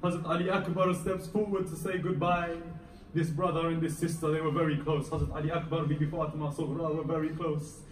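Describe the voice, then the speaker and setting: A man's voice: on the high side, little pitch movement, brisk, a little hiss or hum. A man giving an emotional Muharram sermon, telling the story with dramatic rises and falls in intensity. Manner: dramatic, rising and falling intensity. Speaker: Muharram lecturer. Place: mosque hall. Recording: echoey hall, recorded from far off, faint ambience.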